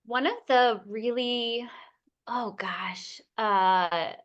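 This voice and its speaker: A middle-aged woman author in a casual interview, talking emotionally and effusively, with many pauses and fillers. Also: on the high side, fairly bright tone, muffled recording. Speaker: picture book author, guest.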